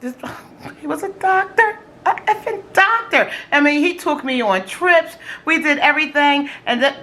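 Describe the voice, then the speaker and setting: A middle-aged woman vlogger telling dating stories in casual, animated chat while eating on camera, slangy and quick to exclaim. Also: sits high. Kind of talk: casual storytelling during a food challenge.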